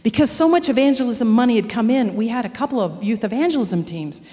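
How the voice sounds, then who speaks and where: A middle-aged woman with a fairly high voice tells a personal testimony with energy, acting out every character as she goes. Her voice rings out through a church with a long, echoing reverb. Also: fast. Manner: animated storytelling, acting out the voices of others. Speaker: church speaker.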